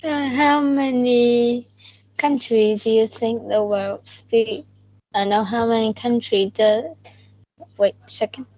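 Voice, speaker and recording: A woman asks practice questions in slow, halting English, often restarting her sentences. The recording sounds dull and lo-fi. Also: a little high, steady tone, a little mellow. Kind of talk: English speaking practice conversation.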